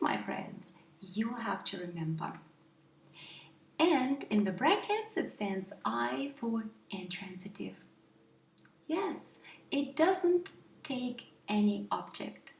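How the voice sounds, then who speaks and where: Slow, patient woman teaching English. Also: a little high, sing-song, creaky, reverberant, far from the mic. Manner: patient, asks the viewer questions. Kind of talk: explaining grammar to viewers.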